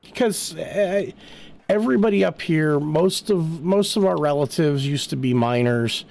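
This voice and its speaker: A man's voice: on the high side, unhurried, gravelly, darkish tone. A middle-aged man from New Jersey, rambling through a casual chat while gaming and telling stories with lots of filler words. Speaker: streamer.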